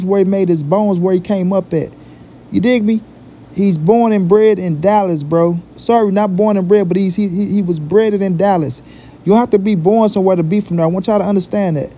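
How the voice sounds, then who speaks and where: A man's voice: sits high, mellow, slight background noise. A man hosting a boxing vlog, giving his opinion in emphatic, repetitive talk full of profane street slang. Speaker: boxing commentary vlogger.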